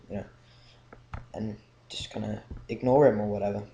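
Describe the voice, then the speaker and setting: A man's voice: fairly low pitch, fast talker, mellow. A young man giving casual, rambling Bible commentary with lots of ums. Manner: rambling, informal, many ums. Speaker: Bible reading vlogger. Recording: echoey room, faint noise.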